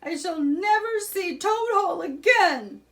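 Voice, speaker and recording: A woman voicing a boastful, excitable male toad in a children's storybook, with wailing, swaggering lines. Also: a little high, measured pace, voice pushed up, full character voice.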